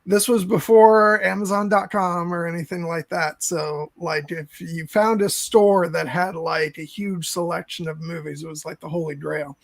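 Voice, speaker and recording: Man, casual podcast co-host, high voice with gravel, dry close sound, rambling. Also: steady tone, moderate pace, hardly any pauses, no echo. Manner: rambling storyteller, many fillers. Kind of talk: casual film review chat.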